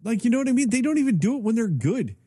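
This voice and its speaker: A man's voice: extremely high pitch, very fast, breathy edge, no echo. A man co-hosting a podcast in casual chat, ranting and swearing a lot as he talks. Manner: profane, ranting, animated. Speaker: podcast co-host.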